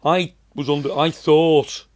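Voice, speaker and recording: Chatty Liverpool comedian telling stories. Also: male voice, a little high, fairly even intonation, unhurried, darkish tone. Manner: anecdotal, chatty, rambling. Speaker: comedian guest. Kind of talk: casual storytelling.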